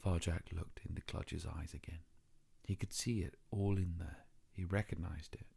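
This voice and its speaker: Brief: male storybook narrator, low voice, steady and expressive. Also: moderate pace, creaky, husky. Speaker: audiobook narrator. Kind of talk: scripted narration.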